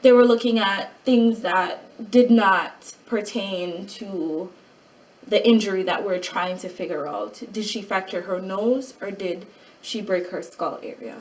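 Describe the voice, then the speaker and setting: A mother in a casual vlog, retelling a hospital night in an animated way and acting out what other people said. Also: medium pitch, unhurried, distant mic, poor audio. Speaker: mother of a child with a rare syndrome.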